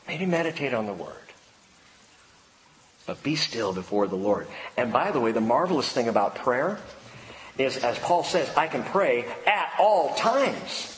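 Hushed-to-booming preacher in a hall. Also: male voice, a little hiss or hum. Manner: conversational preaching, quiet hushed passages, rising emphatic peaks. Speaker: pastor. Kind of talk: sermon.

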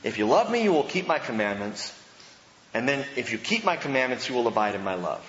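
A man's voice: medium pitch, very animated, a little fast, a bit bright. A male pastor preaching a sermon in a church, conversational and emphatic, with casual asides to the congregation. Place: church sanctuary. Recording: echoey hall, dull lo-fi sound.

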